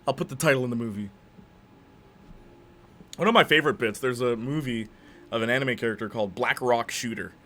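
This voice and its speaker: Male streamer, casual rambling chat with a bright, sharp tone. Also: mid-range voice, fairly quick, long pauses. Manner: rambling, jokey, acts out silly dialogue.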